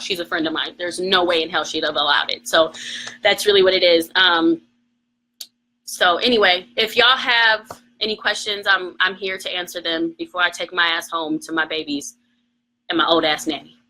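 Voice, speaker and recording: A woman's voice: fairly low pitch, bright, forceful tone, a little hiss or hum, poor audio. A woman co-host ranting emotionally on a phone livestream, heated, emphatic and defiant. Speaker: morning show co-host.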